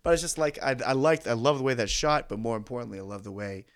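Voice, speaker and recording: A man co-hosting a podcast, talking casually and excitedly about a film, laughing often and swearing now and then. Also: mid-range voice, quick pace, clean tone. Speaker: podcast co-host.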